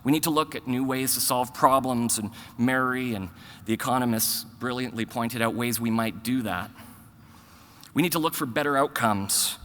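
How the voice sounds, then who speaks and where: A man's voice: mid-range voice, moderate pace, a bit bright. A man in his forties, a bank executive giving earnest, conversational closing remarks at a conference while a bit out of breath. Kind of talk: conference speech. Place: large conference hall. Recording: reverberant hall PA sound.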